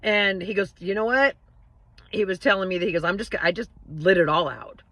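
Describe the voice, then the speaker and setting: A woman telling a joke story in a casual way, jumping up in pitch for the quoted voices. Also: fairly quick, no room sound, poor audio. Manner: animated, jumps to high pitch for quoted voices.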